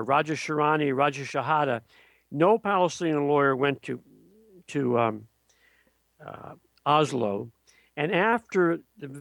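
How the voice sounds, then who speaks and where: Man, interview guest, blunt scornful political talk, fairly high voice, dry close recording. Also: vocal fry, no echo. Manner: blunt, scornful, with frequent restarts. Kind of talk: political commentary.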